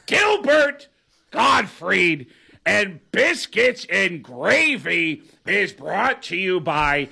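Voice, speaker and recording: A comedian guest doing exaggerated celebrity impressions for mock radio ads. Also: male voice, very high voice, creaky, sharp tone, breathy edge, voice pushed up, exaggerated voice. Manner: switches into exaggerated put-on voices. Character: male celebrity impressions, brash and loud.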